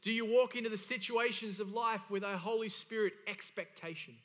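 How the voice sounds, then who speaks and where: A man's voice: high voice, brisk, a bit bright. A man preaching a sermon as pastor, emphatic and repeating key phrases for stress. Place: church hall. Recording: church hall reverb.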